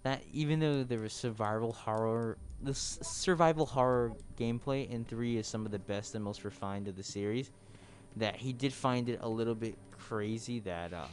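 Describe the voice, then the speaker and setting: A man's voice: medium pitch, moderate pace. A man commenting on a game during a livestream, chatty and rambling, laughing often. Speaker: streamer.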